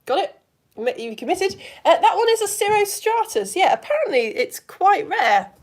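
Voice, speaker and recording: Lively, chatty woman teaching science. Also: extremely high pitch, moderate pace. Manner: chatty, enthusiastic, asks the viewers questions. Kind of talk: live online science lesson.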